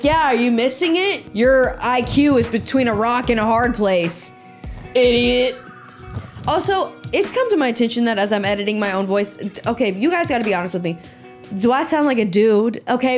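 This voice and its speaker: Young woman podcast host, fairly high voice, crude and sarcastic, faint music behind. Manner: sarcastic, crude, mocking impressions. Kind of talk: solo comedic commentary.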